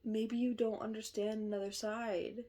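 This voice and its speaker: A woman's voice: a little high, little pitch movement, normal speed, dark tone. A woman giving a casual tarot reading in a chatty way, often laughing, apologizing and correcting herself mid-sentence. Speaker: tarot reader.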